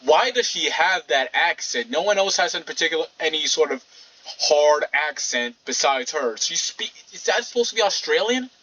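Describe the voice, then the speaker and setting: A man's voice: fairly high pitch, normal speed, breathy edge, far from the mic. Rambling gamer man on a lo-fi mic. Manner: animated, rambling, talks back to the game. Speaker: gamer commentating a playthrough. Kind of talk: casual let's-play commentary. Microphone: poor microphone, fan in background. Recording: dull lo-fi mic, faint fan hum.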